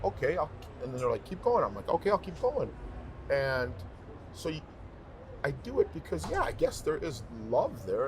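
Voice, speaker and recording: Guy talking in a podcast interview, super animated voice going up and down, repeats stuff to make a point. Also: on the high side, background noise. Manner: emphatic, animated storytelling; repeats himself, heartfelt. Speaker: professional singer, guest. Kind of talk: casual interview chat.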